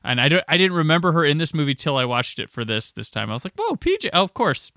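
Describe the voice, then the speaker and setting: In a dry, clean studio recording, a podcast host speaks quickly in a slightly high voice. Chatting casually, he tells stories and animatedly imitates the people he quotes.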